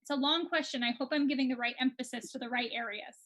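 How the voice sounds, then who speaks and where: A woman with an American accent co-hosting an online quiz, chatty and quick with asides and laughs. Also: high voice, steady tone, a bit bright, low-quality recording. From United States. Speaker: quiz co-host.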